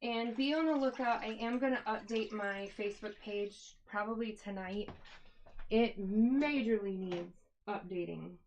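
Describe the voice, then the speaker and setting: A woman's voice: mid-range voice, measured pace, a little mellow, dull audio, a little hiss or hum. A woman hosting a casual live stream from home, chatting and greeting viewers by name while she dyes yarn. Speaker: livestream host dyeing yarn.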